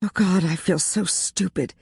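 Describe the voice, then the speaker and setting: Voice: medium pitch, a little slow, vocal fry, a little mellow, slightly rough, dry recording, studio quality, voice pushed up, heavily acted. A narrator voicing Pippa, a frank young woman who confides her worries in a rueful, anxious way. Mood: tearful.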